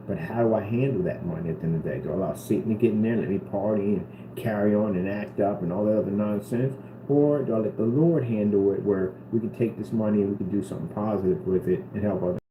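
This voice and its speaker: Earnest rambling man, fairly low voice, roomy room with background hum. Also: fast talker, phone-quality sound. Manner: earnest and rambling, repeats himself. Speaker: vlogger. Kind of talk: casual talk to camera. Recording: roomy with steady background noise.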